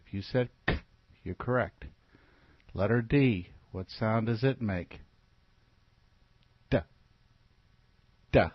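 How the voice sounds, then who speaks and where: A man's voice: on the low side, unhurried, pauses often. A man teaching children letter sounds in a phonics lesson, patient and repetitive, asking them to repeat after him. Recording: dull, lo-fi recording.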